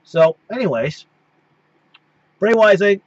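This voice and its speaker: A man with a fairly high voice hosts a casual recap, rambling and circling back on himself with constant restarts. The recording is dull and lo-fi, with a dry, close sound. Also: normal speed, no room sound. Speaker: host.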